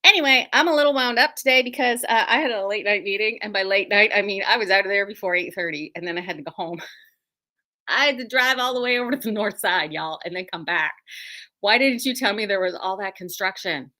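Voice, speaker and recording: Woman, middle-aged, chatty livestream host, joking, bright tone. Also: mid-range voice, brisk. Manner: chatty, self-deprecating, joking. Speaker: quilt shop owner and livestream host. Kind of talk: casual livestream chat. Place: her quilt shop.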